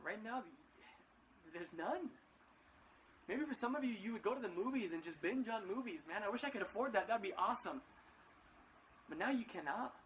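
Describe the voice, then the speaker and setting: A male pastor giving a casual sermon from his living room at home, talking in a halting way and often repeating words. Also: high-pitched, lively intonation, fairly bright tone, dull audio, slight background noise. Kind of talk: casual live-streamed sermon.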